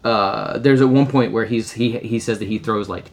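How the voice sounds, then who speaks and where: A man's voice: lowish voice, normal speed. A man co-hosting a podcast, talking casually about a film, rambling with many fillers and restarts. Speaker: podcast co-host.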